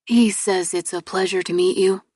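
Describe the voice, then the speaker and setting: Lady doing a quiet polite translator guy, matter-of-fact, dry close mic. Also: medium pitch, steady tone, moderate pace, no echo, close to an everyday voice. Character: polite young male translator, reserved.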